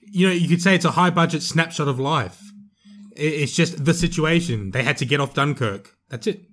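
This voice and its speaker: A man's voice: fairly high pitch, normal speed, fairly bright tone. A man co-hosting a casual movie review podcast, chatty and emphatic, often restarting his sentences. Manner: chatty, emphatic, self-correcting. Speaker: podcast co-host.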